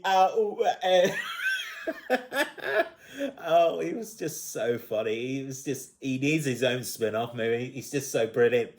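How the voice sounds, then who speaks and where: A man chatting through a film review in a loose, rambling way, his voice sitting at an ordinary middle pitch. He leans on fillers and restarts and keeps breaking into giggling laughs as he recounts scenes. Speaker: movie reviewer. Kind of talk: casual spoken movie review.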